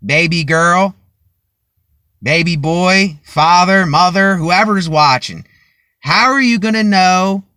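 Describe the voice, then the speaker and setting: A man delivers a motivational vlog monologue into a cheap phone in his car. His voice sits a touch high and sounds bright and forceful, and he projects every word as if addressing a crowd. The sound is dry and close, and his pace is very slow and measured. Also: clean tone, no echo. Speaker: vlogger. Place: inside a car.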